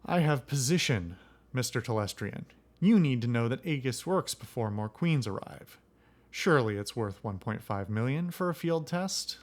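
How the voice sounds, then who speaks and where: A man's voice: medium pitch, lively intonation, moderate pace, lightly acted. Man reading as a blunt, haggling female mercenary. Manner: blunt, demanding. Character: hard-bargaining female mercenary runner. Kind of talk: reading game dialogue aloud.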